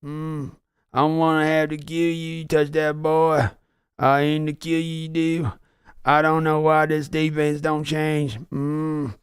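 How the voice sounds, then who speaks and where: A man doing a flat, mumbling drawler. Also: fairly high pitch, a little slow, clear, resonant tone, dry recording, studio quality, natural voice. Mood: grumbling. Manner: flat, drawling mumble with grunts between lines. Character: slow, mumbling, troubled Southern man from a film.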